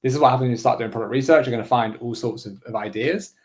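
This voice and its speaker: A man at an ordinary mid pitch talks viewers through a casual screen-share walkthrough. He thinks aloud as he goes, chatty and informal. He checks in often with quick "right?" asides. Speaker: online business coach.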